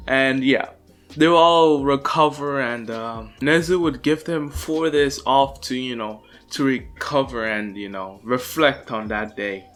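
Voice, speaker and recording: A man's voice: mid-range voice, a little slow, a bit bright, soft background music. A young man casually improvising a fan story, rambling with fillers and restarts. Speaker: channel host.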